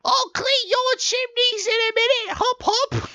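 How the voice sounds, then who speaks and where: A squeaky randy chimney sweep. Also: male voice, unhurried, pushed and bright, heavily acted. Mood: lecherous. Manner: shrill squeaky falsetto, drawn out.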